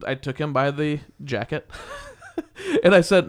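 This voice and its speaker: A young man casually telling a story, animated and heated, laughing often and swearing. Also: fairly high pitch, slow pace. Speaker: podcast co-host.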